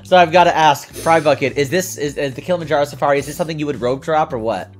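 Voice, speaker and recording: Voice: mid-range voice, very fast, faint music behind. A panel member in a casual chat, asking the others questions with enthusiasm and frequent restarts.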